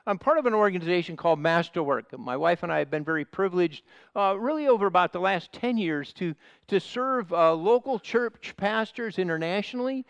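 A man's voice: sits high, expressive, brisk, vocal fry, clear, resonant tone, no echo. Nasal Midwestern American man preaching. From Ohio, United States. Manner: earnest, repetitive, with frequent uhs and restarts. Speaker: visiting pastor. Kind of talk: sermon.

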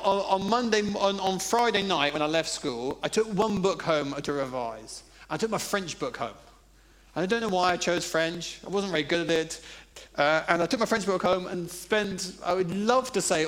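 A man's voice: on the high side, fairly bright tone. A man preaching a sermon, telling funny personal stories in a conversational way. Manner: conversational, humorous storytelling.

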